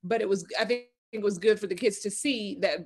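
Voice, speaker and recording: A woman's voice: medium pitch, brisk. A woman hosting a conversation, commenting on a guest's story and giving her opinions. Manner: opinionated, sums up and draws conclusions. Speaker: host.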